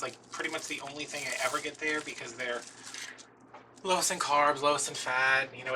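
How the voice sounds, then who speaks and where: A man chatting casually as a craft video host, telling a rambling, self-deprecating story about his day. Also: mid-range voice. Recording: distant mic with faint noise.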